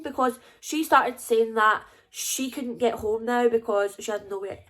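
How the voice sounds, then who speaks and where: A woman's voice: a little high, a little slow, a bit bright. A young woman with a Scottish accent telling a casual storytime to her viewers, chatty and confiding. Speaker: YouTuber.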